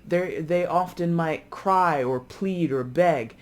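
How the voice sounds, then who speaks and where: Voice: mid-range voice, takes it slowly. A tarot reader speaking casually to camera, chatty and loose, often acting out the lines of imagined people. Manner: loose, with frequent fillers and self-corrections.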